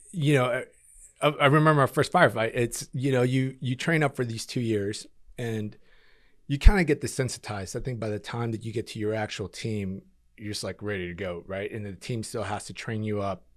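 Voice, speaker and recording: A man's voice: fairly low pitch, normal speed, no echo, clean studio sound. A man in his thirties, a podcast guest and former combat controller, telling stories casually with lots of fillers and acted-out quotes. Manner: animated storyteller, acts out quotes, frequent fillers. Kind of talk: casual storytelling interview.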